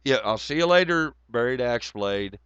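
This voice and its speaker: Hoarse man, smooth tone, profane rambling stream host, dry dull recording. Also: medium pitch, animated, moderate pace, fairly bright tone, no echo. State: hoarse, voice nearly gone. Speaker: livestream host. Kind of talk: casual livestream chat.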